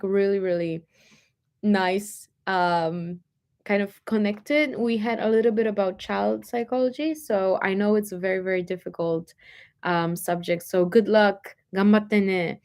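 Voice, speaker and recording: A woman's voice: medium pitch, darkish tone. A young woman from Poland speaking English with a light Polish accent, chatting casually with viewers and answering their comments, with many fillers. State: dry throat, coughing. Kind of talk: casual chat.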